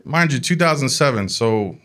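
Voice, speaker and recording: A man telling a comic family story in an animated way, laughing along as he talks. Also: mid-range voice, normal speed, slight background noise. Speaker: comedian. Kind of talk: comedic storytelling.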